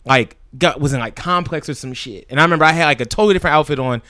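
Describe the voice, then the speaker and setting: A man's voice: on the high side, very fast, dry recording, clean studio sound. A man with a Philadelphia accent, co-hosting a podcast, who tells stories in casual, profane chat and acts out what others said. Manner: animated, profane, quotes others in put-on voices. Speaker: podcast co-host.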